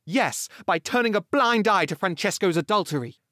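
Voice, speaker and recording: A man's voice: sits high, animated, normal speed, bright, forceful tone, no room sound, studio quality, voice pushed up. A British male audiobook narrator voicing a snobbish, meddling elderly mother, prim and cutting, in an audiobook scene.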